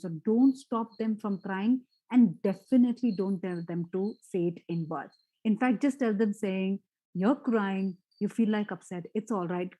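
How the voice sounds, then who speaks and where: A woman's voice: fairly high pitch, poor audio. A woman giving a parenting talk as a parent coach, asking the audience questions and acting out what parents and children say. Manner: animated, acts out parent and child quotes; asks the audience rhetorical questions.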